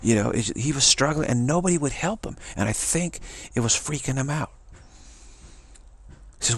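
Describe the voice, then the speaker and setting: A man from California casually telling a rambling personal story, full of repeats and fillers, acting out others' lines in a higher voice. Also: expressive, normal speed, pauses often, slightly rough, no echo. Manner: digressive, repeats words, many "you know" and "like"; acts out other people's quoted voices in a higher pitch.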